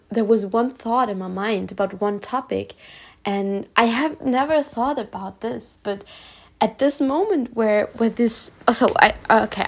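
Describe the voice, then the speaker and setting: Speaking in a mid-range voice, a Spanish woman who vlogs about self-healing shares something heartfelt and personal. Her delivery is halting with frequent restarts, and she reassures the listener with real earnestness.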